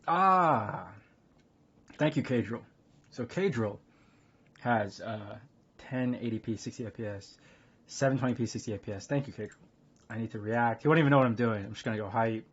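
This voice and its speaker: A man's voice: mid-range voice, fairly quick, breathy edge. A man streaming a card game and chatting casually with his chat, rambling between thoughts. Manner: rambling, laughs hard at chat. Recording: dull lo-fi stream audio with faint noise.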